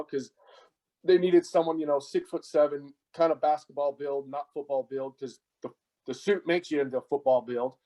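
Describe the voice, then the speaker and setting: This middle-aged goalkeeper coach from the United States is a podcast guest with a slightly high, mellow voice, captured in low-quality audio. His casual interview stories run long and ramble, with many fillers and restarts.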